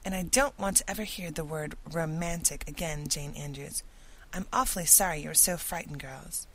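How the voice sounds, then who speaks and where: A woman's voice: sits low, normal speed, fairly bright tone, slight background noise, rough recording. A woman voicing an imaginative, talkative young girl who speaks earnestly and dramatically in an audiobook.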